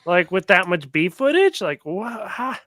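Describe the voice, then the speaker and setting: A man's voice: high-pitched, big pitch swings, a little slow, a bit bright, no room sound, studio quality. A man co-hosting a podcast in casual chat, blunt and sarcastic. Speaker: podcast co-host.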